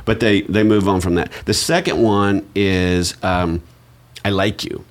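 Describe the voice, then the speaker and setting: A man's voice: deep voice, a little slow. A middle-aged man hosting a podcast, chatting casually and joking at his own expense. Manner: relaxed, self-deprecating, chatty. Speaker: podcast host.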